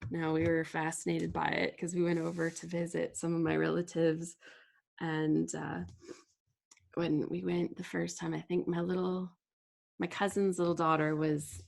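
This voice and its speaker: A woman's voice: lowish voice, flat delivery, normal speed, vocal fry, a little mellow. A middle-aged woman hosting a live crafting stream, chatting casually and laughing often as she reads out viewer comments. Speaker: livestream host. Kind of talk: casual chat while crafting.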